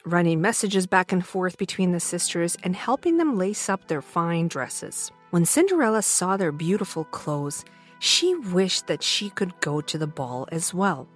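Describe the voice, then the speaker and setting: A woman reading a fairy tale for children in a slightly low voice, full of lively ups and downs. Her delivery is gentle and expressive, with soft music under her. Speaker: storytime host. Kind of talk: children's story narration.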